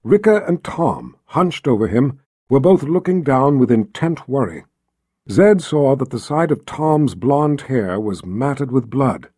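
A male narrator reads a fantasy novel aloud, with a husky, dark timbre. His delivery is lively and full of pitch movement. It is recorded close and dry. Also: a little slow, dry recording. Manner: expressive storytelling, voicing every character. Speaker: audiobook narrator. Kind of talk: scripted narration.

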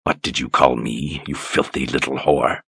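A man voicing a cruel, zealous male inquisitor who speaks low and quietly through clenched teeth. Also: moderate pace, slightly rough, no room sound. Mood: menacing.

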